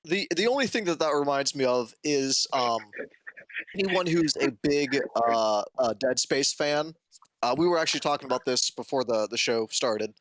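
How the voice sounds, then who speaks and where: A man co-hosting a gaming podcast, talking in a relaxed, hesitant way. He has a mid-pitched voice, and the recording sounds dry with no room echo. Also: normal speed. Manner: relaxed, hesitant, many fillers. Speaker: podcast co-host. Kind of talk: casual podcast chat.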